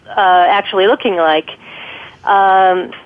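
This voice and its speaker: A woman's voice: medium pitch, fairly even intonation, slow. Woman, guest expert, phone-line sound, tinny, thoughtful, explanatory, frequent ums. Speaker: guest expert on guided imagery. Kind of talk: conversational interview advice. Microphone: telephone.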